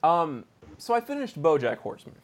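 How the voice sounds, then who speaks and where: This man's voice sits on the high side and swoops wildly in pitch, though his pace stays moderate. Hosting a podcast, he rambles through a retelling in a casual review chat, frequently breaking into laughter.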